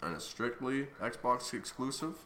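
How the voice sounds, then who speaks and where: A man's voice: mid-range voice, expressive, a little slow, sharp tone, reverberant, slight background noise. A man co-hosting a casual smoking livestream from a garage, loose and joking, swearing freely. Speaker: co-host of a smoking stream.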